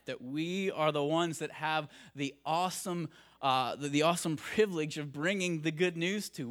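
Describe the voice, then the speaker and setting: A man's voice: a little high, a bit bright. A man preaching a sermon, earnest and building to emphatic declarations.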